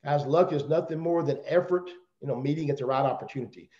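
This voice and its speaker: A company call hosts a middle-aged guest speaker with a Southern accent, whose rambling motivational talk is full of jokes. His voice is a little high, fast, and dark in tone, and the video call sound is roomy and dull.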